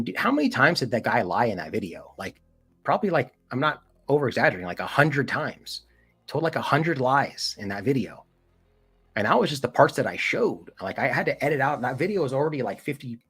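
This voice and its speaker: Husky casual man, emphatic chat. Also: mid-range voice. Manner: animated, emphatic, heavy use of "like" and "dude". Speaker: podcast host.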